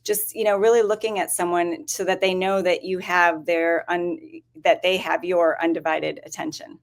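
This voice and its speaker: A woman's voice: lowish voice, little pitch movement, moderate pace, vocal fry. A woman guest who is a dietitian, talking casually in a chatty way with frequent fillers. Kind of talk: casual chat.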